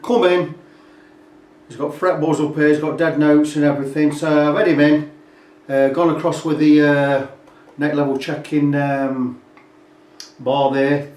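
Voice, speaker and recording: A man's voice: fairly high pitch, darkish tone. A man, a guitar repair technician, talking through a job in a casual, rambling way in his workshop. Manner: rambling, chatty, fills gaps with "blah blah". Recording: roomy, distant workshop sound.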